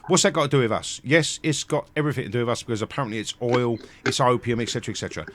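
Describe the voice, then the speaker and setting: A man's voice: medium pitch, rapid-fire, fairly bright tone, a little hiss or hum. A man hosting a heated live stream, rambling with many restarts and swearing.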